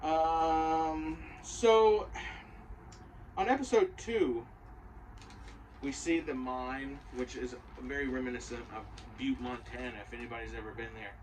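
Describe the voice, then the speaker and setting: A man's voice: mid-range voice, fairly even intonation, a little slow, a little mellow, distant mic, a little hiss or hum, poor audio. A man giving a casual, rambling and profane spoken review of a show, full of opinions.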